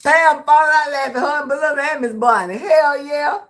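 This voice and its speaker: A woman hosting a livestream, reading viewer comments aloud and trash-talking back with loud laughter. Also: high-pitched, brisk. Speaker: livestream host reading chat. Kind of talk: casual livestream chat.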